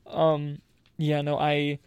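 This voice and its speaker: Rambling man podcast host, flat delivery. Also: on the high side, takes it slowly, clear, resonant tone, no room sound. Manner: rambling, self-interrupting, laughs often. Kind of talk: casual podcast chat.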